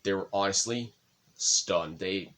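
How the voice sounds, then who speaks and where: A man's voice: low-pitched, takes it slowly. A young man co-hosting a casual chat, telling a personal story with swearing, his voice rising when stirred up. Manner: emotional, swears often, voice rises when excited. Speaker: podcast co-host.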